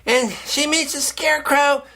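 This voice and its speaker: A man hosting a deadpan satirical monologue, rambling in a halting, earnest, offbeat way. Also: very high voice, gravelly. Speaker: host.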